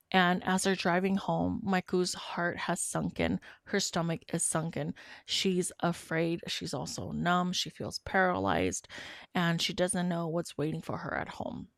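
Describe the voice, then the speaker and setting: Woman host telling a story, earnest and steady, low gravelly voice, dry sound. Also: no echo. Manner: earnest, measured retelling. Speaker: podcast host. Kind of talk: storytelling narration.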